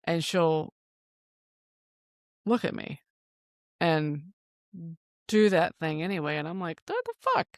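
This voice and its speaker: A woman in her thirties co-hosting a podcast, telling a story in casual chat, animated and swearing freely. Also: low voice, takes it slowly, long pauses, no echo, clean studio sound. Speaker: podcast co-host.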